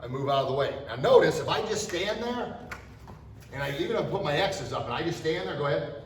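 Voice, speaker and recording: A middle-aged man teaching a martial arts class, demonstrating self-defense moves with energy and sharp shouted strike cries. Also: fairly high pitch, lively intonation, brisk, far from the mic, a little hiss or hum. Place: martial arts studio, indoors. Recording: echoey studio, voice from off-mic.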